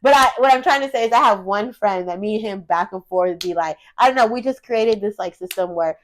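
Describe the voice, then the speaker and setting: A woman's voice: medium pitch, a little fast, a little hiss or hum. A young adult woman co-hosting a podcast in loose, slangy casual chat, laughing and swearing casually. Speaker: podcast co-host.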